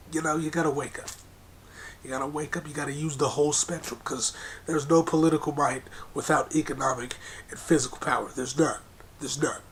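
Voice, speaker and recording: A man's voice: a little high, a little hiss or hum. A man delivering an angry, profane monologue rant, hammering his points with repetition in a confrontational way. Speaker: political commentator.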